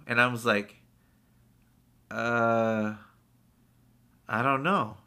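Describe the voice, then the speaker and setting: A man with a very bright, forceful voice tells a story in casual podcast chat. He rambles and swears freely, slipping into quick impressions of the people involved. His pitch sits in an ordinary middle range. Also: clean tone. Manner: rambling and candid, with frequent fillers and swearing; animated, acting out other people's lines. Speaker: podcast co-host.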